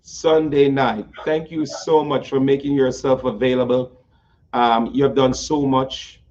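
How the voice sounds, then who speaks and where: A man's voice: medium pitch, flat delivery, a little slow, darkish tone. Effusive, playful male host on a slightly muffled line. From United States. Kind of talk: interview talk show.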